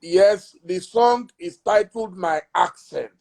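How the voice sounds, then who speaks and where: A man's voice: sits high, slow, vocal fry, darkish tone. A man hosting a casual live-stream chat, chatty and fond of telling a joke. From Nigeria. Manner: chatty, tells a joke with a chuckle.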